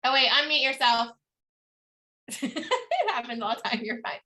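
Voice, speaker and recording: A woman hosts over a video call, gushing and effusive, piling on fillers. Her voice sits high and rings bright and forward. The talk stays loose and casual. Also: big pitch swings, a little slow. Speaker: host. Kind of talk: emotional recognition speech on a video call.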